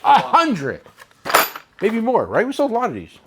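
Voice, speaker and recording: A New man rambles and jokes about himself while hosting a tool shop chat. His voice sits high and swings widely in pitch. The recording carries clear shop noise. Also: wildly swooping pitch, normal speed. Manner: rambling, joking, self-mocking. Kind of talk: casual chat.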